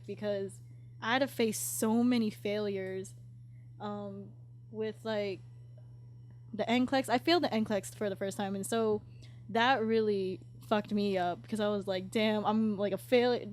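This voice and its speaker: A woman's voice: medium pitch, normal speed, a little mellow. A woman in her twenties hosting a casual podcast chat, talking candidly, swearing freely and laughing often. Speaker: podcast host.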